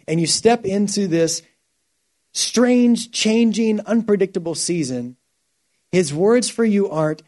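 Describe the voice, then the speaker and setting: A man preaching a sermon to a group, telling stories with lively shifts between quiet, earnest passages and louder, excited ones. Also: sits high. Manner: animated storytelling, shifting from quiet to loud. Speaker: pastor.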